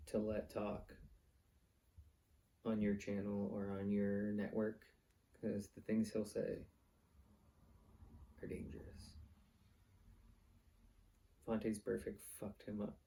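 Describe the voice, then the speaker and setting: A man's voice: lowish voice, monotone, takes it slowly, long pauses, dark tone, a little hiss or hum. A man, hosting his own vlog and ranting bluntly, swearing often and rambling from one point to the next. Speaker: vlog host. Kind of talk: casual ranting monologue.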